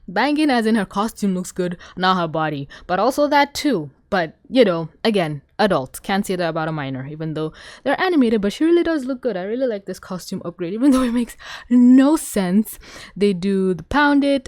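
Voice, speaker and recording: A woman with a fairly low voice reviews a cartoon episode in casual commentary. She is excitable and gushing, swears freely, and acts out the characters' lines. The sound is dry and close. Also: dry recording.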